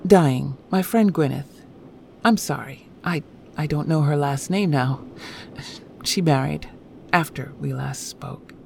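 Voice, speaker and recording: A woman voicing an elegant young male fae who speaks haltingly and with sorrow. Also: deep voice, gravelly, a little mellow, slight background noise, heavily acted. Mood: hesitant.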